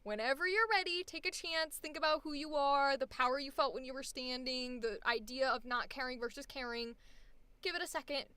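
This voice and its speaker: A woman, a voice acting coach, directing a live session with an animated, emphatic, directive manner. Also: high voice, brisk, clear, resonant tone, no room sound.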